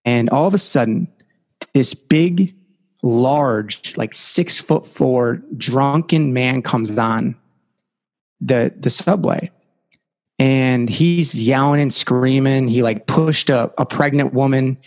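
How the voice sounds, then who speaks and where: Guy on a podcast spinning a story, animated, lots of likes, echoey room. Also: medium pitch, slow pace. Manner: animated, lots of fillers like "like" and "you know". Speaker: podcast guest. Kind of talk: casual storytelling.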